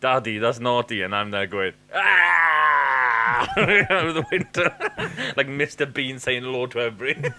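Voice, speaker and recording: A man's voice: mid-range voice, huge pitch swings, a little slow, pushed and bright. A man co-hosting a podcast, chatting casually in a rambling, sweary way full of fillers. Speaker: podcast co-host. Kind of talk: casual chat.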